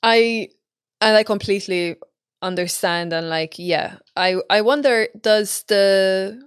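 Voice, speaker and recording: A woman from Malta with a Maltese accent, hosting a relaxed interview and chatting easily with fillers. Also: medium pitch, slow, smooth, no room sound, clean studio sound. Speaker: podcast host. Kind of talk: casual interview chat.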